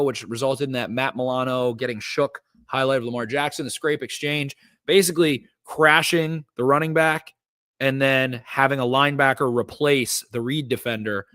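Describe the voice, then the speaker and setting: A man talks through football plays with eager energy and plenty of "uh"s. His voice sits at an ordinary middle pitch. The studio recording is dry and close. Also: no room sound. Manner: energetic, recaps plays with lots of fillers. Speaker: podcast host. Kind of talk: casual football breakdown.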